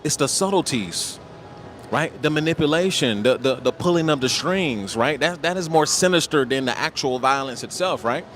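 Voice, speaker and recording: A man's voice: a little high, expressive, normal speed, a bit bright, slight background noise. A man from the United States hosting a livestream, talking in a casual, slangy, emphatic way and ending nearly every point with "right?". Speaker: livestream host.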